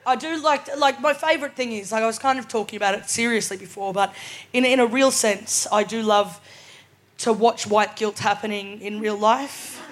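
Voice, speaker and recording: A woman's voice: on the high side, fairly even intonation, normal speed. A woman in her twenties with an Australian accent doing a live stand-up set, casual and cheeky, often tagging lines with "right?". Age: 20s. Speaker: stand-up comedian. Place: live comedy venue.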